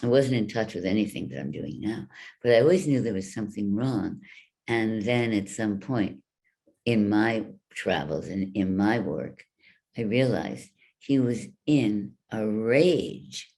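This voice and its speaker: A woman voice coach giving a workshop talk, speaking deliberately and guiding the listeners through exercises with demonstrations. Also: extremely low pitch, warm tone. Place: virtual workshop from home.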